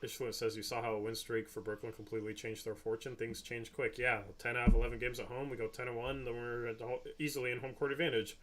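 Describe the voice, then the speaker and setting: A man's voice: medium pitch, little pitch movement, fast talker, hardly any pauses. Chatty male podcast host, rambling. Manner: rambling, laughs often, drifts soft and quiet. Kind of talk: casual postgame chat.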